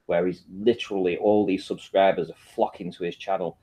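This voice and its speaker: A man's voice: low-pitched, flat delivery, fairly quick, dark tone. A man chatting casually on an online video call, talking in a dry, matter-of-fact and defiant way.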